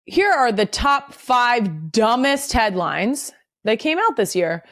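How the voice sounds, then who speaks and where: A woman's voice: a little high, slow pace, no room sound, studio quality. Blunt, swearing woman podcast host. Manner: blunt, swears freely, animated when reading segments. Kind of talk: casual podcast chat.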